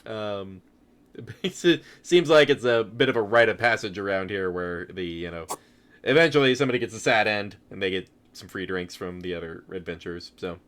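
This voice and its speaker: A man narrating as game master of a tabletop game, relaxed and chuckling, with many fillers. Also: lowish voice, normal speed.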